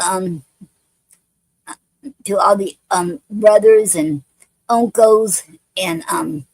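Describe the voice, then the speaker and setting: A woman hosting a poetry show, reading love poems and chatting in a halting way with many fillers and restarts. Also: mid-range voice, no room sound, poor audio.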